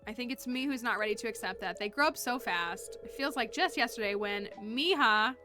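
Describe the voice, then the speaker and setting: A woman voicing a warm, doting middle-aged single mother who scolds fondly and uses Spanish endearments. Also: on the high side, steady tone, fast, faint music behind. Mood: fond scolding. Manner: affectionate, sprinkles Spanish endearments.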